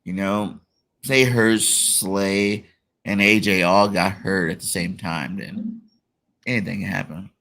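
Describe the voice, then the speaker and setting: Gravelly-voiced man talking sports. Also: low-pitched, takes it slowly. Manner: relaxed, filler-heavy, lots of "you know". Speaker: podcast host. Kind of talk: casual sports talk.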